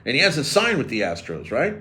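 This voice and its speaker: This radio host speaks in a mid-range voice at a fairly quick clip. On his sports show he's animated and sarcastic, tossing off jokes in loose, casual banter.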